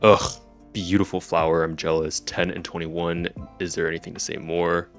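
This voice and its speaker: Giddy gravelly young male streamer. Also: low-pitched, completely flat delivery, moderate pace, soft background music. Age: 20s. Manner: giddy, laughs often, swears casually. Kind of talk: casual live-stream chat.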